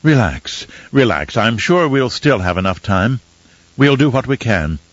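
A man voicing a fussy, pedantic male etiquette advisor with a smooth, silky voice and overly proper, theatrical manner in an audiobook. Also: mid-range voice, very animated, measured pace, no echo, muffled recording. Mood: prim, instructive. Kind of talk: audiobook character reading.

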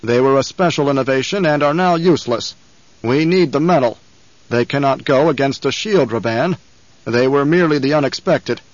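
A man's voice: medium pitch, moderate pace, dry recording, lo-fi sound, close to an everyday voice. A man doing a sneering, domineering old baron. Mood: contemptuous. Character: scheming obese old baron, menacing and contemptuous.

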